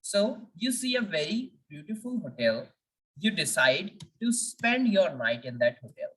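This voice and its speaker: A woman's voice: fairly low pitch, sing-song, measured pace, fairly bright tone, far from the mic, poor audio. A woman teaching French, patiently drilling each letter of the alphabet one by one and asking learners to repeat after her.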